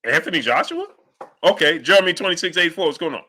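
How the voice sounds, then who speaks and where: Animated, bright-voiced male boxing stream host. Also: a little high, fast talker. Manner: animated, hypes the audience, shouts out chat names. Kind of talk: livestream commentary reading chat.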